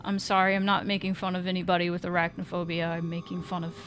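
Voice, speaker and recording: A woman's voice: lowish voice, flat delivery, fast, fairly bright tone, slight background noise. A woman casually commenting while playing a horror game, sarcastic, swearing often and sometimes faking scared squeals. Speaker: gaming streamer. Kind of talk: casual let's-play commentary.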